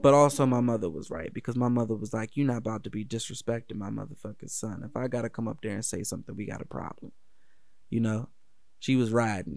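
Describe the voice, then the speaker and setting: A man's voice: medium pitch, vocal fry, dry recording, clean studio sound. A man telling a personal story in a casual, candid, profane way. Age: adult.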